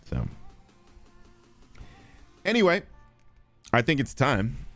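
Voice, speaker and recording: A man streaming live, chatting casually and responding to viewers, animated and blunt, with frequent swearing. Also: slow pace, soft background music. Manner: animated, swings between loud and low, swears freely.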